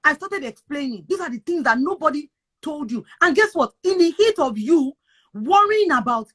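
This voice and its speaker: Emphatic Nigerian woman, high voice. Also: lively intonation, normal speed, fairly bright tone. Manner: emphatic, repetitive, preachy. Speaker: guest sharing advice on moving abroad. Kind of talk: casual chat.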